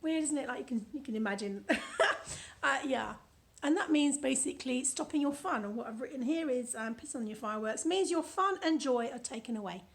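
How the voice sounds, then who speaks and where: A British woman reads aloud from a book she wrote, adding playful, chatty asides as she goes. Her voice sits a little high. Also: animated, brisk, gravelly. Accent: British English. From United Kingdom. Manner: chatty and playful, laughs at her own lines. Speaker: author reading from her own book. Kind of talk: casual book reading with commentary.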